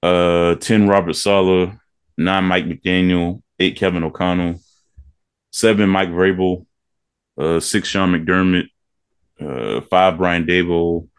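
A man co-hosting a podcast in casual chat, reading out a long ranked list in an easygoing, steady drone. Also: low-pitched, slow, smooth. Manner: laid-back, reads a list in a steady drone. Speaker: podcast co-host.

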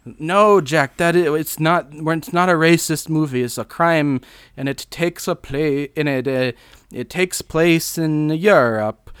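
A pompous film director with a hammy, vaguely European accent, as a man puts him on. He speaks high above his normal pitch and booms loudly. The Count-like delivery is broad and theatrical. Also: unhurried, clear, resonant tone, dry recording, studio quality. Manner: exaggerated campy Count-like delivery.

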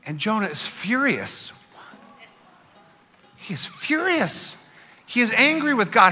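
A man preaching in an animated, dramatic storytelling style that jumps from loud bursts to hushed lines. His voice is very bright and sits a little high. Long hall reverb and faint music surround him. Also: slow, long pauses. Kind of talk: sermon storytelling.

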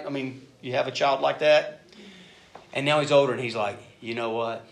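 A middle-aged man preaching a sermon, telling stories and shifting between loud emphatic bursts and soft asides. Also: mid-range voice, steady tone, normal speed, creaky. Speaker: pastor.

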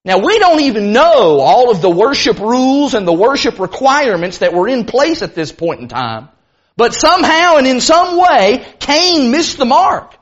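A man preaching a sermon, earnest and emphatic, slowing down hard to stress key words. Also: very high voice, sing-song. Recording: muffled lo-fi recording.

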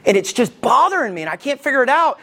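A middle-aged man preaching a sermon as a pastor, folksy, with asides and jokes, swinging his pitch for emphasis. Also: big pitch swings, quick pace, pushed and bright.

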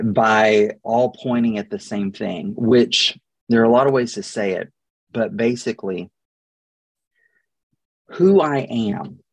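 A man's voice: mid-range voice, husky, no room sound. A man in his thirties, a guest therapist on a podcast, explaining ideas thoughtfully with many restarts and fillers.

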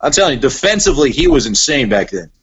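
A young man in casual podcast chat, an animated storyteller who says "like" a lot, talking about sports. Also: medium pitch, fast, breathy edge, lo-fi sound. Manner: animated storyteller, heavy use of "like". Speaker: podcast guest, sports broadcaster.

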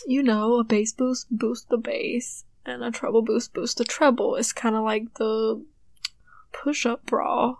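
A woman's voice: fairly high pitch, a little mellow, no echo. A young woman rambling in a casual, giggly solo chat at her home mic, swearing casually and sounding hyper. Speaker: podcast host. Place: small room at home. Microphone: home desk mic.

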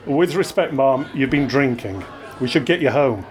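Brief: formal, courteous wolf-man cop, awkward and patient, read by a male storyteller with a lively lilt. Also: medium pitch, moderate pace, lightly acted. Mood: polite awkward. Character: polite, awkward wolf-man police officer.

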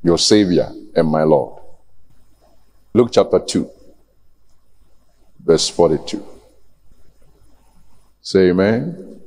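Pastor preaching in a reverberant church. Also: male voice, deep voice, slow pace, pauses often, a little mellow. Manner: challenging, pleading, rising to emphatic peaks. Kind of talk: sermon. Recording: long hall reverb.

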